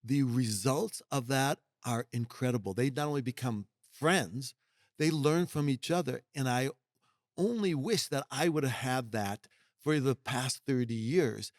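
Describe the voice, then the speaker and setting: A man's voice: medium pitch, a little slow, dry recording, studio quality. A middle-aged man speaking as a podcast guest, emphatic and folksy, now and then acting out what other people say. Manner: emphatic, folksy, acts out quoted voices. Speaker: guest executive mentor. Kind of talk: podcast conversation.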